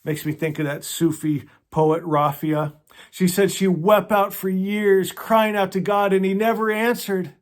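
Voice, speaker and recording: A man hosting a casual book club, talking earnestly and emotionally, often stumbling over restarts and sinking into a soft hush. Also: high voice, steady tone, measured pace. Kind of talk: casual book discussion with read-aloud passages.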